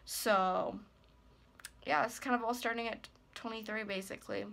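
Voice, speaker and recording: A woman's voice: fairly high pitch, steady tone, normal speed, vocal fry, fairly bright tone. A woman in her twenties talking hesitantly and anxiously in a personal vlog, full of fillers and trailing off. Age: 20s. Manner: hesitant, rambling, many fillers. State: worried and upset. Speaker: ASMR creator.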